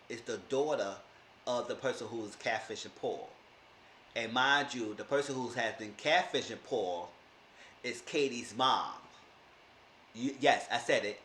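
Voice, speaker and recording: A man's voice: medium pitch, unhurried, fairly bright tone, reverberant, slight background noise. A man in his thirties giving a casual, emphatic TV episode recap, repeating himself when annoyed. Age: 30s. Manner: emphatic, exasperated, repeats phrases. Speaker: TV episode reviewer.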